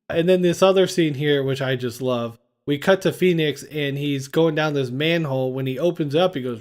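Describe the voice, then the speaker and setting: A man's voice: on the high side, normal speed, darkish tone. A man hosting a casual movie-review podcast, recapping scenes and acting out lines. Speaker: podcast host.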